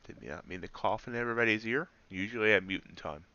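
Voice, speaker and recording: A man's voice: lowish voice, quick pace, bright, forceful tone, dry recording, lo-fi sound. A man live-streaming his trades, chatting casually and joking at his own slips as he explains the charts. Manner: chatty, self-deprecating, explains trades while watching charts.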